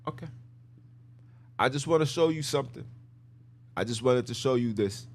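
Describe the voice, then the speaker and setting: A man's voice: medium pitch, moderate pace. A man hosting a podcast, giving emphatic, repetitive religious commentary in casual slang while he talks his listeners through slides. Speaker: podcast host.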